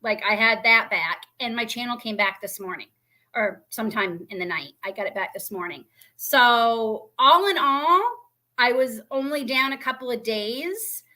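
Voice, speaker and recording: A woman chats live to her viewers from beside a fireplace at home. Her voice sits a little high and sounds bright and clear. She rambles warmly and emotionally, full of ums and heartfelt thanks. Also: expressive, moderate pace. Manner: emotional, grateful, rambling with fillers. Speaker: homestead channel host. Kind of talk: casual livestream chat to viewers. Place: indoors by a fireplace.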